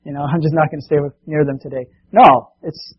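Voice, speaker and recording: A man preaching a sermon, telling a Bible story with animated delivery and acting out the voices of the people in it. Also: a little high, a little fast, husky, lo-fi sound. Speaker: pastor.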